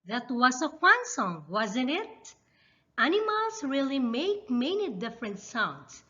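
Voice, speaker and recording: A woman teaching young children in a slow, exaggerated, lively teacher voice. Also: high-pitched. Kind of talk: children's lesson. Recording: slightly dull lo-fi.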